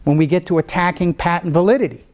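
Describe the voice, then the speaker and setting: A man's voice: sits high, fast talker, darkish tone. A man giving a law school lecture in a conversational way, often checking in with his listeners and sometimes restarting or trailing off mid-thought. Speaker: guest lecturer.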